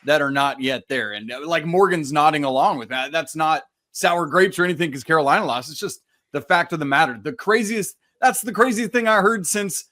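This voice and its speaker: A man's voice: on the high side, fairly quick, hardly any pauses, pushed and bright. A man co-hosting a sports podcast, arguing his points emphatically in a casual debate. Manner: emphatic, argumentative. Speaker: podcast co-host.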